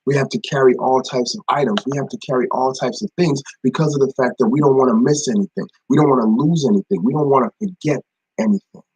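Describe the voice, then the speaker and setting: Husky-voiced man giving a casual devotion. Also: medium pitch, quick pace, a little mellow, low-quality recording. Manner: conversational, repeats phrases for emphasis, greets viewers by name. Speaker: ministry devotion leader. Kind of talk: informal devotional talk.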